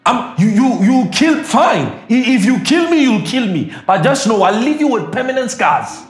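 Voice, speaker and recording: Emphatic preacher man, lively and high. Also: normal speed, few pauses, reverberant, soft background music. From South Africa. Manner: emphatic, repetitive preaching with sudden shouts and laughs. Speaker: pastor. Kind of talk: sermon.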